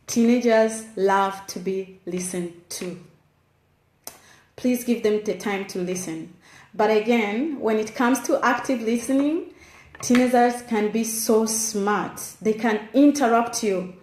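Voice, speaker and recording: Woman, parenting advice speaker, direct earnest delivery, roomy echo. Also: mid-range voice. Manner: direct and earnest, addresses listener as "you". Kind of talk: instructive advice talk.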